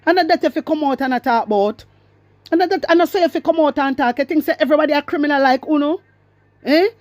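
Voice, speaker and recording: A woman's voice: high-pitched, fast, darkish tone, no room sound. A woman with a Jamaican accent giving emphatic, repetitive political commentary to her viewers, mixing in patois. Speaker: commentary vlogger.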